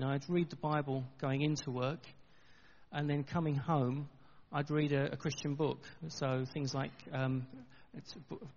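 A middle-aged man, preaching a sermon in an earnest, conversational way with halting restarts, recorded in a church. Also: on the high side, creaky. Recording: dull, long reverb in a church hall.

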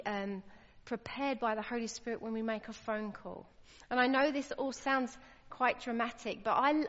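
Her voice on the high side and a bit bright, a woman delivers a sermon with earnest emphasis, rising in pitch to underline key points. The recording is lo-fi, with a long hall reverb.

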